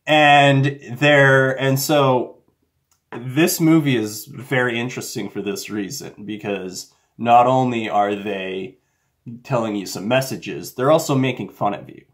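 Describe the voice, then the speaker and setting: A man's voice: mid-range voice, measured pace. Man, casual monologue, rambling, conspiratorial, lots of fillers. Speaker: commentator.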